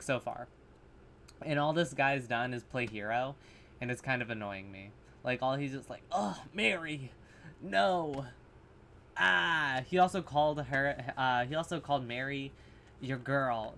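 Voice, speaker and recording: A man's voice: mid-range voice, fairly bright tone, slight background noise. A man in a horror reaction vlog, rambling in loose commentary, full of fillers, swearing and sarcastic asides, recorded on his camera's mic.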